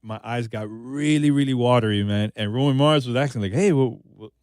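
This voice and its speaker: A man's voice: medium pitch, fairly quick, darkish tone, clean tone, no echo, clean studio sound. A man guest on a podcast interview, talking in a laid-back, conversational way and often saying "man" and "you know". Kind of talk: casual interview chat.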